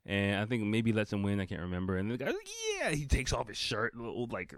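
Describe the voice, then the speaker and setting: A man's voice: on the low side, big pitch swings, fast, dry recording, clean studio sound. A man in his thirties telling a story casually, rambling and swearing with frequent laughs and fillers. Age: 30s. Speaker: vlogger.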